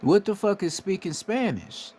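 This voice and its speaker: A man's voice: high voice, sing-song, moderate pace, warm tone. A man from the United States giving a casual, emphatic monologue, swearing freely and often asking "right?" to drive his points home. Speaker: spiritual commentator.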